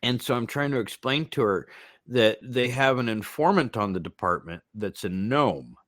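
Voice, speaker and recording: Man co-host, easygoing podcast talk, quick to laugh, acts out quotes. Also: mid-range voice, no echo, studio quality. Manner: laughing, animated retelling. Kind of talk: casual chat.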